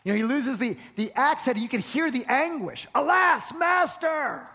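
Pastor delivering an earnest sermon, high voice, frequent restarts, long hall reverb. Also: male voice, fast, fairly bright tone. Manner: earnest preaching with repeated stammered restarts.

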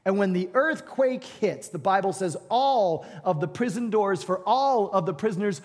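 Male pastor, high voice, dramatic sermon storytelling, loud to hushed, long hall reverb. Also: animated, moderate pace.

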